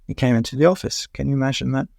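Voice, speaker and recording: Older English music writer, gravelly, dry close mic, rambling anecdotes with fillers. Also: male voice, mid-range voice, rapid-fire, a little mellow, no echo. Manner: rambling, many "uh" fillers, chuckles at his own stories. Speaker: music journalist guest. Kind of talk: anecdotal interview storytelling.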